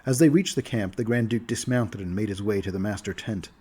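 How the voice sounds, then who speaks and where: A man narrating a fantasy tabletop campaign as a story, steady and measured. His voice is low and dark with a husky grain. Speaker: game master recapping the campaign.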